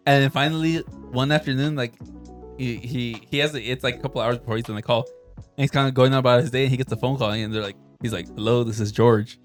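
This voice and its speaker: A man co-hosting a casual podcast, relaxed and swearing freely while telling a story about his brother. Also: medium pitch, fast, soft background music. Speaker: podcast co-host. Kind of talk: casual chat.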